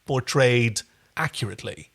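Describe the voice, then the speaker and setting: A man's voice: medium pitch, normal speed, a bit bright. A man co-hosting a podcast in a casual chat, talking eagerly and cracking jokes. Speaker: podcast co-host.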